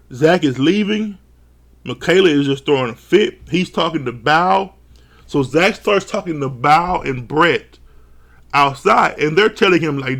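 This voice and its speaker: A man recapping a reality show episode in a casual, animated way, swearing often and acting out quotes. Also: a little high, creaky. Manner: animated, swears a lot, quotes people in jumpy voices.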